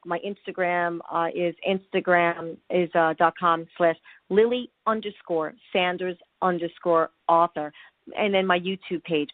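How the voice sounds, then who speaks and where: Woman guest, low, calm and gracious; dry, phone-line quality. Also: dry recording. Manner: calm, gracious, slightly halting. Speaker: guest speaker and coach. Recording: dry, tinny phone-like audio.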